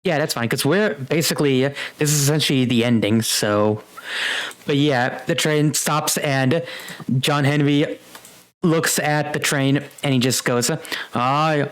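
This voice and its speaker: A man's voice: fairly high pitch, unhurried. A man running a tabletop game as game master, narrating in a laid-back way with lots of fillers.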